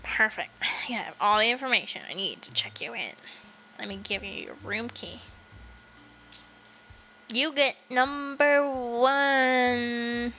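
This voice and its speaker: A woman reading the lines of a calm, observant hotel clerk in a low, deliberate way. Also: slight background noise, heavily acted, rough recording. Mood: probing.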